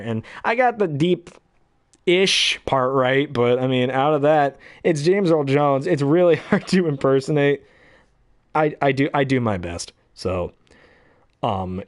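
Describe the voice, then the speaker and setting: A man's voice: mid-range voice, dry recording, clean studio sound. A young man, a hobby voice actor, chatting casually and self-deprecatingly about impressions, rambling with chuckles.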